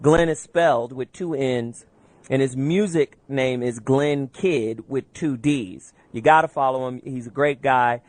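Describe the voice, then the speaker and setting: A man's voice: mid-range voice, measured pace, dry recording. A man hosting a call-in radio talk show, casual and playful, joking with his guests and inviting callers. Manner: animated, playful, laughs often.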